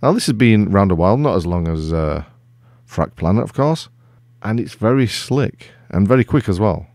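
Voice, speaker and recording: A middle-aged man hosting a casual software walkthrough, relaxed and self-deprecating, rambling with lots of fillers. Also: lowish voice, normal speed, dry recording, clean studio sound. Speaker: tech video host.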